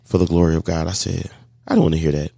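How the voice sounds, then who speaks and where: A man telling a lively story of faith and business, acting out the voices of the people in it. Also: deep voice, fast talker, creaky, slight background noise. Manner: animated storyteller acting out dialogue, faith-filled. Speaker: guest, catering business owner. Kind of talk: storytelling in a podcast interview.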